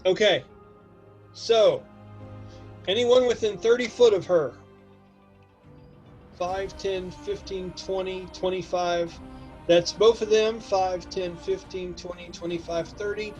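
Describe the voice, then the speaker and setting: A man with a high voice narrates a tabletop game as its game master. He talks in an animated way, counting out ranges and firing off quick asides to his players, with faint music under him. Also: dull audio.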